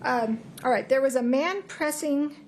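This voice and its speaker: A woman's voice: high voice, a little hiss or hum. Woman attorney questioning a witness. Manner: measured, repeating the witness's account. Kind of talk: courtroom questioning.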